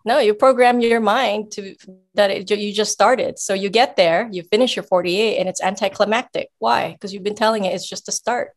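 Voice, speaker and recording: A woman guest coach giving casual advice, explaining in an emphatic, animated way. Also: medium pitch, moderate pace.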